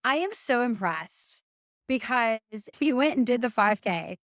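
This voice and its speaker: A woman's voice: fairly high pitch, expressive, a little slow, fairly bright tone, no echo, clean studio sound. A woman hosting a podcast interview, eager and encouraging, with many short sounds of agreement. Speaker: podcast host. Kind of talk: casual interview chat.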